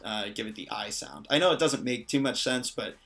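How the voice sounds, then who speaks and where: Male teacher, bright clear voice, patient and jokey, casual explainer, soft music under. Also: medium pitch, a little fast. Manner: patient, explanatory, lightly joking. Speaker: language teacher. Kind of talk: casual lesson explaining a constructed language.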